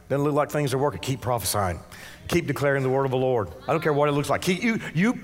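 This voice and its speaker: A man preaching a sermon with fervent call-and-response exhortation, dropping to quiet asides and rising to shouts. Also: fairly high pitch. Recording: long church-hall reverb.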